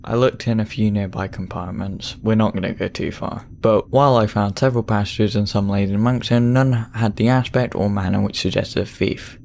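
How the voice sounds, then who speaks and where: Low-voiced man dryly narrating a text game. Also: fairly even intonation, a little fast, gravelly, hardly any pauses, a little mellow, slight background noise. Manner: dry, teasing narration. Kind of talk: reading a text adventure aloud.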